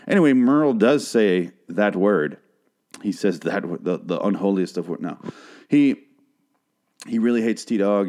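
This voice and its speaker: Profane, rambling young man, lower voice. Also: dark tone. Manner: profane, rambling, heated, frequent fillers. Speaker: podcast host recapping a TV episode. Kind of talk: casual rant and recap.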